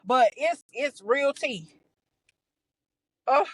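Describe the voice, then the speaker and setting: A young adult woman, talking a bit high in her range. She recounts a story in a loose, profane, exasperated podcast style, stumbling and restarting as she goes. The recording is close and dry, with no room sound around her. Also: animated, drawn-out words, slightly rough, no room sound, poor audio. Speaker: podcast host. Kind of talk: casual storytelling.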